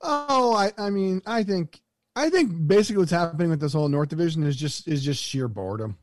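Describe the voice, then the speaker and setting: A man's voice: on the high side, fairly quick, slight background noise. A man from Canada co-hosting a podcast, riffing playfully in casual chat. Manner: playful joker, animated riffing. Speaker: podcast co-host.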